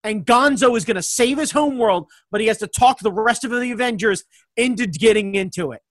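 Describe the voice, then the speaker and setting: A man in a casual comedic chat, talking excitedly and rambling, laughing often. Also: sits high, fairly quick, no echo.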